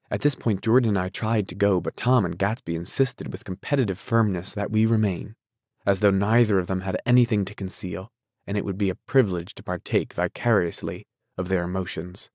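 Deep-voiced man reading a novel. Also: fairly even intonation, fairly quick, darkish tone, no room sound, clean studio sound. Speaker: audiobook narrator. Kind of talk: scripted novel narration.

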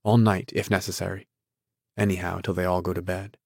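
A man's voice: low-pitched, little pitch movement, fairly quick, gravelly, dry recording, clean studio sound. A man reading the part of an earnest, anxious wealthy young man keeping watch, formal and insistent, in an audiobook.

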